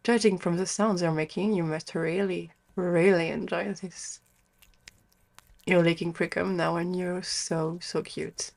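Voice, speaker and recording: A young woman in an adult audio role-play, speaking to the listener as a doting girlfriend in a soft, affectionate way. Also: lowish voice, fairly even intonation, unhurried, vocal fry.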